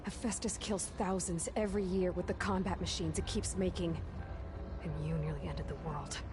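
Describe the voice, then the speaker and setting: A woman's voice: on the low side, steady tone, moderate pace, noisy background, lightly acted. A young woman voicing a determined, sarcastic female hunter in a video game, talking in a wry, resolute way. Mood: grim. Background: game score music.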